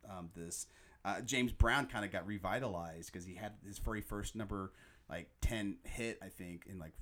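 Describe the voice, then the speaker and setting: A man hosting a podcast, chatting casually and excitedly about a movie, often quoting its lines. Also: deep voice, normal speed. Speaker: podcast host.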